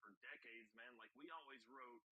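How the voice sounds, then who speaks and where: A man's voice: medium pitch, moderate pace, bright, forceful tone, low-quality recording. A man in his forties with a Southern accent, a guest musician talking casually and rambling with many fillers over a video call. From Southern United States. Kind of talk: casual interview talk.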